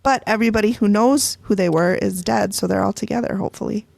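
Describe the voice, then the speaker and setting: A woman with a gravelly, fry-laced voice chatting on a podcast. She jumps in with quick reactions and offhand asides. The recording is dry and close. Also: mid-range voice, a little mellow, dry recording. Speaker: podcast co-host. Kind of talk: casual chat.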